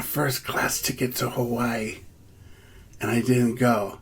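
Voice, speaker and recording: A man's voice: medium pitch, flat delivery, slow pace. A man telling a self-deprecating funny story in a chatty way before leading a prayer song. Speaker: musician and comedian. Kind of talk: comic storytelling and sung prayer. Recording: music clearly heard behind the voice. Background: guitar.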